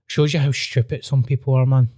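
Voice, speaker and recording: A man's voice: medium pitch, steady tone, brisk, dark tone, slightly rough, no room sound. Blunt Scottish man, dry close sound. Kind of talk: casual chat.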